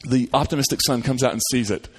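A man's voice: medium pitch, fast, husky. A male pastor praying and then preaching, telling a story in a conversational way with frequent restarts. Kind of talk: sermon and prayer.

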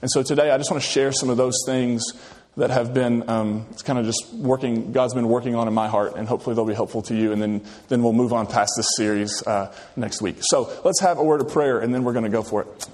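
A man's voice: medium pitch, fairly even intonation, darkish tone. A male pastor delivering a casual, conversational sermon, often restarting his phrases. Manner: conversational, halting, many restarts. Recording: long hall reverb.

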